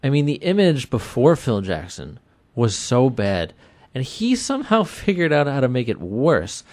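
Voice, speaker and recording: A man in his thirties hosting a sports talk radio show, chatty and energetic, repeating himself for emphasis. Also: mid-range voice, moderate pace, dry recording. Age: 30s. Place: small web radio studio.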